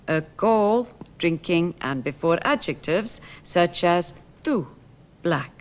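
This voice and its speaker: A woman explaining grammar in a lesson, slowly and carefully, repeating her example phrases. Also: fairly low pitch, expressive. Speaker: language teacher.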